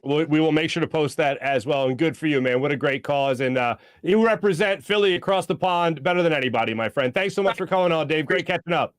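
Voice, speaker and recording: Male sports show host, fairly high voice, dry close sound, loose and chatty. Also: fast, hardly any pauses, no echo. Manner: chatty, rambling, lots of fillers. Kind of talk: casual sports radio chat.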